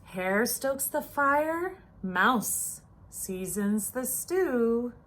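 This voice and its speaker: A woman reading a children's picture book aloud, playful and expressive with the rhythm of the rhymes. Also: on the high side, extremely slow. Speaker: storyteller.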